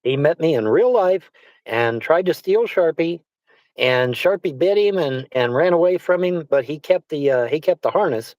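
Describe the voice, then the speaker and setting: A man's voice: on the high side, lively intonation, normal speed, a little mellow, no echo, highs cut off. A man hosting a casual chat, rambling and repeating himself, swearing often. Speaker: livestream host. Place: Arizona.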